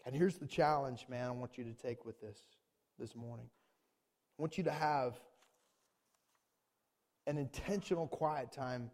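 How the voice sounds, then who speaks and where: A man preaching a sermon as pastor, animated, swinging between booming lines and hushed ones. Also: creaky, big-room sound.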